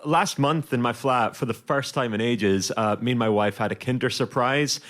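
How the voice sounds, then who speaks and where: A man on a comedy panel delivering deadpan one-liners. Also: medium pitch, normal speed.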